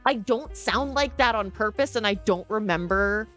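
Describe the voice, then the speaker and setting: Blunt, animated woman. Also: medium pitch, moderate pace, soft background music. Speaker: podcast co-host, trained singer. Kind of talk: casual chat.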